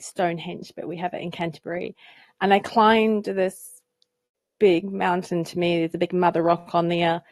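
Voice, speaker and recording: This low-pitched New woman speaks over a video call, sharing a spiritual story with animated feeling. Her voice sounds dry and close, with no room around it. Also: dry recording. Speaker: guest. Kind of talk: casual storytelling and poetry reading.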